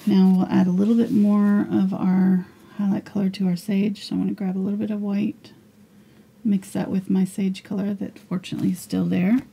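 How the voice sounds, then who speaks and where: A woman teaching a live painting lesson, her voice hoarse and fading as she talks quietly through each brushstroke. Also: medium pitch, level tone, fairly quick. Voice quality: husky, gravelly. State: losing her voice. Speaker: painting instructor.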